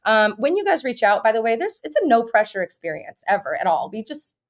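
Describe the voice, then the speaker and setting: Rapid, chatty woman host. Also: a little high, sing-song. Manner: fast, chatty and upbeat, with quick restarts. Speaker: real estate agent and show host. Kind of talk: casual live-stream chat.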